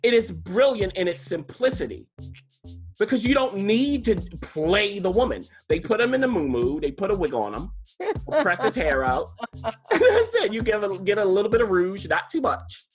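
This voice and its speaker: A man's voice: sits high, very animated, moderate pace, faint music behind. A man co-hosting a podcast, chatting enthusiastically through a TV show review with plenty of restarts and asides. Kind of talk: casual TV review chat.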